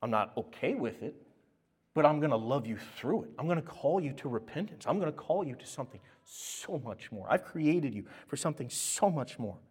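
A male pastor preaching a sermon, swinging from loud, exclaimed lines to quiet, intimate speech. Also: medium pitch, lively intonation, normal speed, slightly rough.

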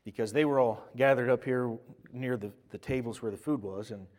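A man preaching a sermon as pastor, telling stories with lively, self-mocking humor. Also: mid-range voice, a little fast. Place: church service.

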